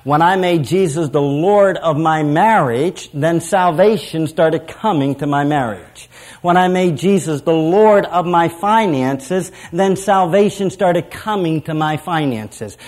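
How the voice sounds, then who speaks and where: A middle-aged man preaching a sermon with emphasis, circling back to repeat his key phrases. His voice sits a little higher than most men's. He slows on the lines he wants to land.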